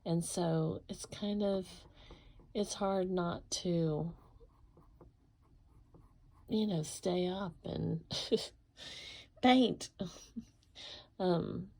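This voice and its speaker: Sleepy woman with a gravelly voice. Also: fairly low pitch. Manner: soft, slow, rambling late-night talk. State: sleepy and tired; frog in her throat. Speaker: painter and parent. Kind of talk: casual painting vlog. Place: home at night.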